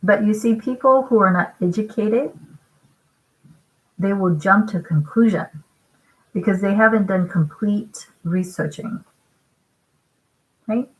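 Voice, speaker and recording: A woman giving a sermon-style scripture commentary, emphatic and deliberate, often checking in with her listeners through rhetorical questions. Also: medium pitch, rough recording. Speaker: online preacher.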